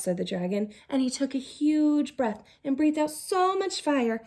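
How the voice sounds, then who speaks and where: A woman teacher reading a picture book aloud to children, animated, gasping and asking the listener questions. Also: high voice, measured pace, hardly any pauses. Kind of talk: storytime read-aloud for children.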